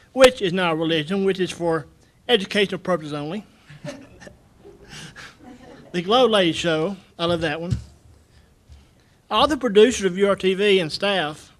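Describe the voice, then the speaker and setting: A man giving an earnest, halting public comment at a county meeting podium, repeating his words as he goes. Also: high voice. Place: county commission meeting room.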